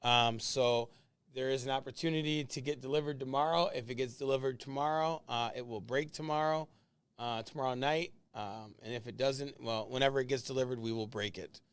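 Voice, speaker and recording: A man's voice: mid-range voice, steady tone, brisk, smooth, dry recording. A man hosting a late-night sports card break livestream, chatting casually with viewers by name while opening boxes, laughing easily. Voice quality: calls his own voice whiny.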